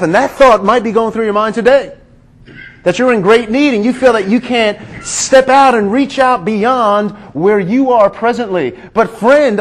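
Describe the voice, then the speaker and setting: A man's voice: sits high, measured pace, poor audio. A male preacher giving a sermon, emphatic, repeating key lines and asking for amens.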